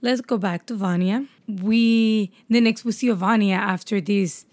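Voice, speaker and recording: A woman co-hosting a casual TV review chat, chatty and quick with agreeing murmurs. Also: medium pitch, darkish tone, no echo. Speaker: podcast co-host reviewing a TV episode.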